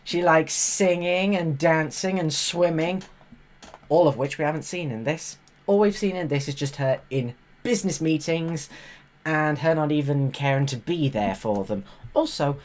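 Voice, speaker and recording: A woman's voice: lively intonation, moderate pace. A woman giving sarcastic, exasperated commentary as a live streamer reacting to a TV show. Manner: sarcastic, exasperated, jumps into loud high exclamations.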